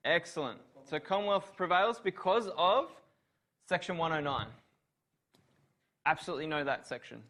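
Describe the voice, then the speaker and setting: A man's voice: fairly high pitch, expressive, normal speed, long pauses, pushed and bright. A man giving a university revision lecture on law, asking students questions and praising their answers.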